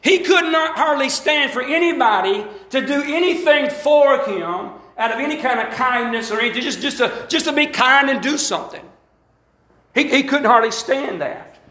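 Preaching a sermon in a church sanctuary, an Alabama pastor with a strong Southern accent keeps calling for answers from his congregation, shifting between emphatic rising lines and folksy asides. His voice is very high for a man, bright to the point of sharpness, animated and moderately paced, and the sound is roomy and echoey.

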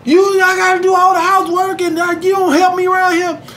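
A man mimicking a shrill nagging wife. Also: little pitch movement, brisk, bright, forceful tone, a little hiss or hum. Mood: complaining. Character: nagging complaining woman at home.

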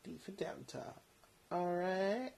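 Chatty, husky woman. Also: on the low side, expressive, slow, darkish tone, rough recording. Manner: chatty, rambling, many ums. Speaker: podcast host recommending bargain buys. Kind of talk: casual product recommendations.

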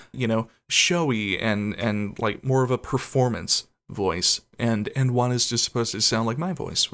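Rambling, profane podcast host, mid-pitched man. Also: a bit bright. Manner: rambling, profane, with frequent self-conscious laughs. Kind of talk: casual solo podcast chat.

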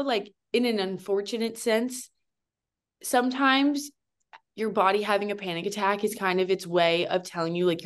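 A woman's voice: medium pitch, clean tone. A woman co-hosting a podcast, speaking in reflective, hesitant casual chat. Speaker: podcast co-host.

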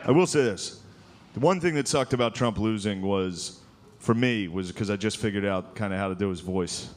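A man telling comedic stories, animated and laughing often between lines. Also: fairly low pitch, normal speed. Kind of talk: comedic storytelling.

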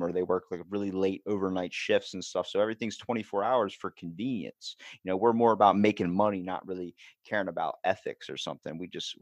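A man in his twenties with a Baltimore accent, chatting casually as a podcast host, animated and swearing freely. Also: deep voice, no echo, clean studio sound. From Maryland, USA. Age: 20s. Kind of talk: casual chat.

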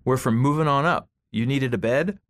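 A man reading the part of a calm, practical woman mover, polite and matter-of-fact. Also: medium pitch, normal speed, dry recording, studio quality, voice pushed up, lightly acted.

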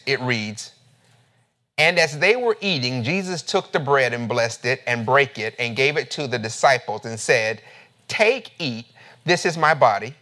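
Man, pastor, sermon, conversational preaching, animated pitch, bright tone. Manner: lively, conversational preaching, addresses listeners as family. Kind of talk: sermon with scripture reading.

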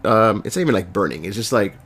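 Male podcast host, raspy from a cold, lowish voice, loose rambling delivery. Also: expressive, fast talker, a bit bright. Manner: rambling, with fillers and self-corrections. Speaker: podcast host reviewing a TV series. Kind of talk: casual solo review podcast.

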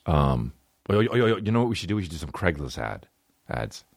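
A man's voice: low voice, sing-song, a little fast, gravelly, no echo, studio quality. A male comedian hosting a podcast, chatting casually in a rambling, sarcastic and profane way.

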